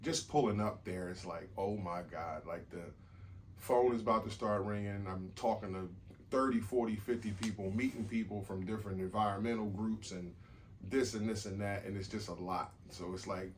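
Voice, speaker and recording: Deep-voiced man in rambling casual chat. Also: fairly even intonation, moderate pace, a little hiss or hum. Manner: rambling, repeats words, swears casually. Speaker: podcast co-host.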